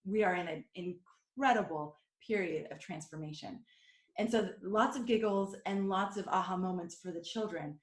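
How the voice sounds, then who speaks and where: A woman with a lowish voice hosts a podcast, chatting earnestly and sharing stories about her family at a normal speed. The casual conversation is recorded with a roomy echo.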